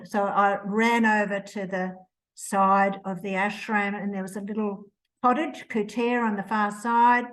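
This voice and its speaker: Slow-spoken older New woman. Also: mid-range voice, a bit bright, poor audio. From New Zealand. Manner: slow, reflective, emotional retelling with restarts. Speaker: author, interview guest. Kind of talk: personal storytelling.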